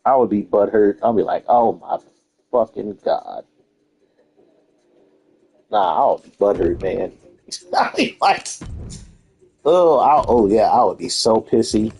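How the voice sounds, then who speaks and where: A man's voice: fairly low pitch, expressive, normal speed, darkish tone, slightly rough, rough recording. A man streaming and chatting casually, blunt and profane, who laughs often and reads and answers his live chat.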